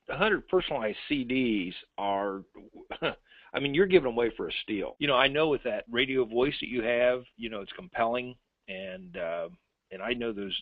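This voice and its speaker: A man's voice: mid-range voice, no room sound. A man hosting in casual chat, enthusiastic and full of fillers and restarts. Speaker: host. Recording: tinny phone-like line.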